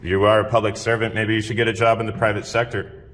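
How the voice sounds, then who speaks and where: A deep-voiced man makes a confrontational records request, stumbling over fillers as he talks. His voice rings with long reverb from a hard lobby. It is picked up by a camera mic in an echoey hall. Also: flat delivery, fairly bright tone, slight background noise. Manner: halting, full of fillers. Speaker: self-styled press auditor. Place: police station lobby.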